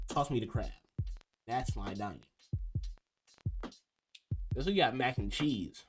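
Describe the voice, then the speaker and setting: A young man talks through his thoughts in a loose, offhand way, often trailing off and starting over. His pitch sits in a middle range. Music plays clearly underneath him. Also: lively intonation, moderate pace, pauses often. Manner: rambling, trailing off and restarting. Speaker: video creator ranking food. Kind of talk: casual commentary. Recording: music playing behind.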